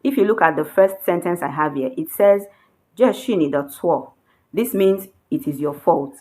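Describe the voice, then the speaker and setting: Low-voiced woman teaching Chinese grammar. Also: a little mellow. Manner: patient, repeats points, slow worked examples. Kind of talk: explaining grammar.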